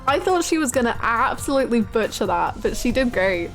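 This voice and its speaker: A young woman with an Australian accent chats casually with her live-stream audience. She is bubbly and giggly, with a slightly high voice. Faint music plays behind her. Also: sing-song, fairly quick. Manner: bubbly, chatty, laughs and gasps often. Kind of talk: casual live-stream chat, greeting viewers.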